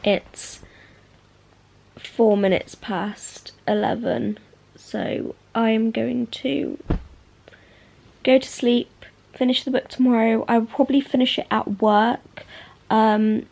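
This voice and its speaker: Young woman rambling about her books at home, chatty, kinda high voice. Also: steady tone, slow pace, creaky, darkish tone. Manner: chatty, gushing, lots of fillers. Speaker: book vlogger. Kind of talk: casual reading vlog.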